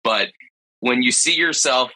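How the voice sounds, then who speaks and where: A man who owns a pet care business, talking candidly and earnestly in a roundtable discussion, in quick bursts with restarts. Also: medium pitch, bright, forceful tone, poor audio.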